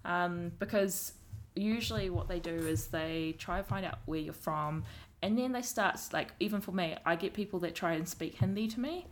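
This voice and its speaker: A woman with a strong New Zealand accent speaks in a casual conversation, her voice sitting a little low. She tells her stories frankly and with emphasis. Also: normal speed, hardly any pauses. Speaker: guest.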